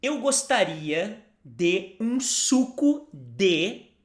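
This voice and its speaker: Slow-paced Brazilian language teacher. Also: mid-range voice, very animated, slight background noise. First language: Portuguese. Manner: patient, repeats phrases for the learner to echo. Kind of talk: language lesson.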